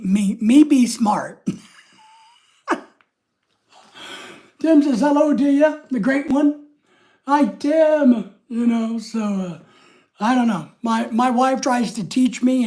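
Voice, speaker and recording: Older guy chatting on his livestream, rambles, reads chat out loud, pretty high voice. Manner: rambling, reads chat comments aloud, greets viewers. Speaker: livestream host.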